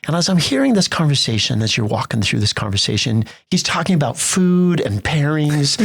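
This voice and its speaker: A middle-aged American man, a theater festival executive, telling lively stories in a podcast interview and acting out the voices he quotes. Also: fairly high pitch, a little fast, gravelly, few pauses, breathy edge, dry recording. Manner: animated storyteller acting out quotes.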